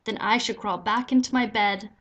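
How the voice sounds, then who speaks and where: A woman's voice: mid-range voice, steady tone, normal speed, fairly bright tone, dull audio, lightly acted. A woman reading aloud, voicing a sleepy male porcupine who talks in a sad, snuffling way.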